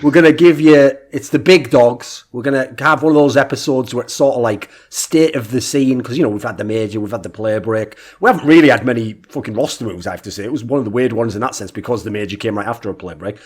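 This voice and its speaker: A young man co-hosting a casual esports podcast, brash and profane, telling animated stories. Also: mid-range voice, fast talker, few pauses. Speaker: podcast co-host.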